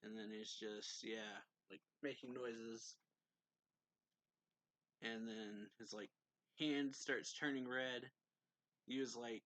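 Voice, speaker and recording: A man casually recapping a manga chapter as a reviewer, rambling with many fillers and quick laughs. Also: mid-range voice, fairly even intonation, fairly bright tone, no room sound. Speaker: anime reviewer.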